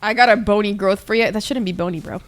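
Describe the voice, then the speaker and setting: A woman's voice: medium pitch, fast talker. A young woman streamer telling rambling stories in casual chat while gaming. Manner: rambling, animated storytelling.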